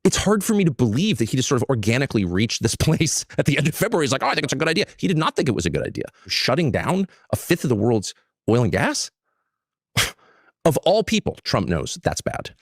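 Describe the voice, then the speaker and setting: A man answering questions in an interview, talking in an animated, scoffing way. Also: medium pitch, fairly quick, dry recording, studio quality. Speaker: interview guest. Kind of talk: broadcast interview.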